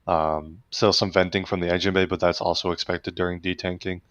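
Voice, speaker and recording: Deep-voiced man hosting a livestream. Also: flat delivery, a little fast, fairly bright tone, dry recording, muffled recording. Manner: answers viewer questions, thinks aloud with fillers. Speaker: livestream host. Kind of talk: casual live commentary.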